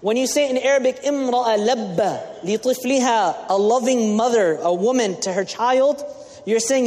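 Imam, male, high voice, teaching sermon with Arabic glosses, long hall reverb. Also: normal speed, a little mellow. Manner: explains Arabic terms with English glosses, asks the audience questions. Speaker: imam giving a talk.

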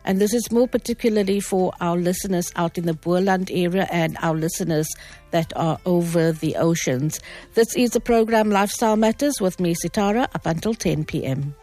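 A woman's voice: lowish voice, normal speed, dark tone, soft background music. A South African woman hosting a radio talk show, friendly and chatty, presenting from the studio microphone. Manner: friendly, chatty, greets in several languages.

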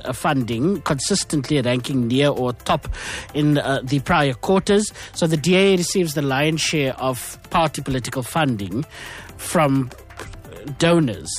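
A man's voice: fairly high pitch, husky. A man hosting a talk radio show from South Africa, explaining at length with many fillers and restarts. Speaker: radio host.

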